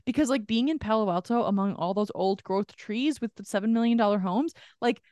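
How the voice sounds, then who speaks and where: Brief: animated woman co-host, casual storytelling, salty language, dry close mic. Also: medium pitch, brisk, dry recording. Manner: animated, swears freely, acts out quoted people. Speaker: podcast co-host.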